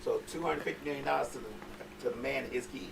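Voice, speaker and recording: Gravelly-voiced man in casual chat. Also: mid-range voice, fast talker, rough recording. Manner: short reactive interjections and questions. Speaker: podcast co-host.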